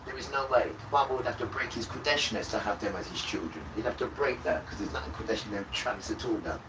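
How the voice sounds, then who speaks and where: Man, impassioned religious rant, accusing and repetitive, loud outbursts then mutters, noisy background. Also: on the low side, fast talker. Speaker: livestream host. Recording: roomy, distant mic with loud background noise.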